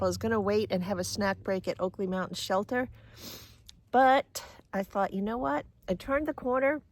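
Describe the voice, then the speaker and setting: A woman's voice: mid-range voice, no echo. Chatty woman vlogging a hike. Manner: chatty, candid, catching her breath on climbs. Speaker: hiking vlogger. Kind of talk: casual trail vlog. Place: outdoors on a mountain trail. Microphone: handheld camera.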